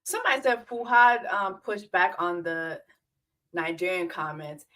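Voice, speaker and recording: A woman's voice: on the low side, normal speed, a bit bright. A woman hosting a live stream, reacting to clips with sarcastic, emphatic commentary.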